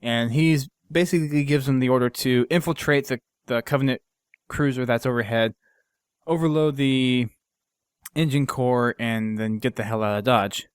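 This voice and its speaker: A man's voice: medium pitch, normal speed, clean tone, dry recording. A man hosting a podcast, casually recapping a game mission in a rambling way with lots of fillers and restarts. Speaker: podcast host.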